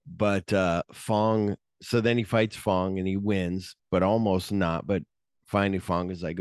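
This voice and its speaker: A man's voice: low-pitched, fairly even intonation, unhurried, a little mellow, clean tone, no echo, clean studio sound. A man co-hosting a podcast, recapping a movie in casual profane chat and acting out the scenes in quoted voices. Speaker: podcast co-host.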